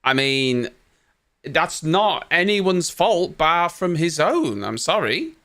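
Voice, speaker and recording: A young man reacting live to a race, ranting with exasperation and dropping casual swears. His voice sits a little high and has a bright, forceful edge. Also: sing-song, slow pace. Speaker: host of a race watchalong.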